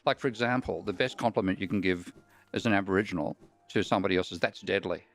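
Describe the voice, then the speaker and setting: An Australian man, a podcast guest, explaining ideas in a measured, storytelling way. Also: low-pitched. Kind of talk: conversational explanation.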